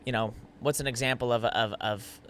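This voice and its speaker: A man's voice: mid-range voice, steady tone, moderate pace, fairly bright tone, a little hiss or hum. A man co-hosting a podcast, asking playful, teasing questions in casual chat with rambling restarts. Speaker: podcast co-host.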